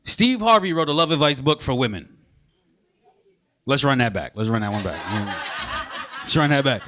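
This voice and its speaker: A man from Brooklyn, doing a stand-up comedy set on a club stage with punchy, animated delivery. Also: mid-range voice, moderate pace, noisy background. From Brooklyn, New York.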